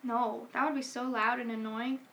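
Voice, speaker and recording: High-pitched giggly young woman. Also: level tone, a bit bright, a little hiss or hum. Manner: giggly, explains rules haltingly. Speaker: family game player. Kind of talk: casual family chat.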